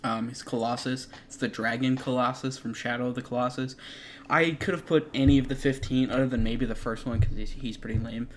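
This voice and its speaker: A young man co-hosting a casual gaming chat, enthusiastic and quick to laugh. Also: medium pitch, fairly even intonation, slight background noise. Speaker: co-host. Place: garage.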